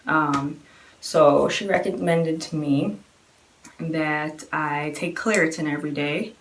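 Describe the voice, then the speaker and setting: Woman in her 20s, pretty low voice, rambly vlog storytime w lots of ums and likes. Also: fairly even intonation, slow pace, a little hiss or hum. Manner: chatty, many fillers, acts out quoted voices. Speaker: vlogger telling her own story. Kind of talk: casual personal storytelling.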